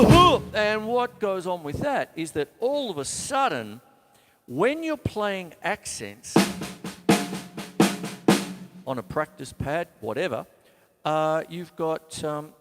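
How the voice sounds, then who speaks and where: A man with an Australian accent teaching drums in a live online lesson, counting beats aloud as he plays. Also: a little high. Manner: casual, counts beats aloud while playing. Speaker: drum teacher. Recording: reverberant room with loud drums.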